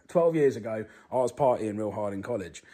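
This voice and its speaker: A man's voice: lowish voice, warm tone. A British man in his thirties giving a blunt, swear-filled monologue to camera. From Britain. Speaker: vlogger.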